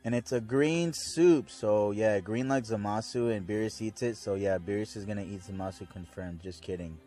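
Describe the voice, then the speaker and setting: A young man rambles through a casual episode recap in a lowish voice, laid-back and full of fillers. Faint music sits under him. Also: normal speed, dark tone. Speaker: fan video reviewer.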